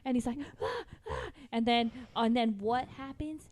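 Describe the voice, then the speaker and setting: A woman's voice: on the high side, moderate pace, darkish tone, no echo. A woman co-hosting a podcast in casual chat, giggly and teasing as she acts out scenes. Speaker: podcast co-host. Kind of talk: casual movie review chat.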